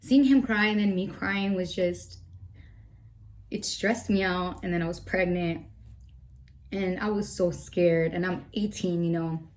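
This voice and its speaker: A young woman tells a personal story to her camera, her voice a little low for a woman. She rambles and circles back, teary and emotional, yet keeps talking to her viewers. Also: steady tone, unhurried, a little mellow. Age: young adult. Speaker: vlogger. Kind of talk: storytime vlog.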